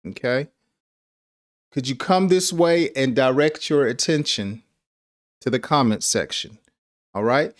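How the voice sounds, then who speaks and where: A man's voice: mid-range voice, lively intonation, measured pace. A man teaching an English lesson on a live stream, patiently repeating example phrases and chuckling at his own examples.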